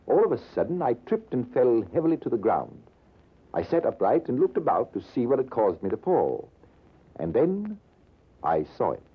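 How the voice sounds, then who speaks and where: A husky army major, swinging his pitch wide as he spins his war story. His telling is measured and dramatic. The sound is thin and lo-fi, like an old radio broadcast. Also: exaggerated voice. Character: British army major spinning a tale. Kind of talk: 1940s radio acting.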